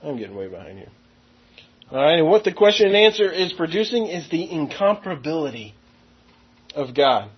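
A man preaching a verse-by-verse sermon, stressing key words and slowing down to read scripture aloud. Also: fairly high pitch, sing-song, breathy edge, lo-fi sound. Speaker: pastor.

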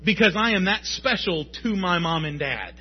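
High husky male preacher. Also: lively intonation, moderate pace, lo-fi sound. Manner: emphatic, rising to shouts at peaks. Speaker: pastor. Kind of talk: sermon.

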